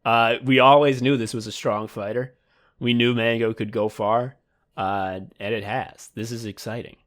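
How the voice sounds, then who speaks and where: A man's voice: medium pitch, fairly even intonation, moderate pace, fairly bright tone. A man co-hosting a comedy podcast, rambling in a mock sports announcer manner. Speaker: podcast co-host.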